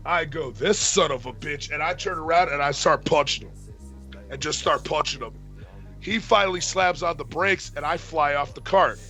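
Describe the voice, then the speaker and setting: Profane, animated young man telling a story. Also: a little high. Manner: profane, animated storytelling, acts out quoted arguments. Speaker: podcast co-host. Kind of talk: casual storytelling chat.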